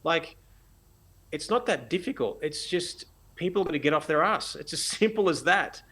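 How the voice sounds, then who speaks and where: A man with an Australian accent, a podcast guest telling stories in an animated, blunt way and acting out conversations. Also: fairly high pitch, normal speed, breathy edge. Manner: animated, acts out dialogue, blunt and profane. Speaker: guest, photographer. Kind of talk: podcast interview storytelling.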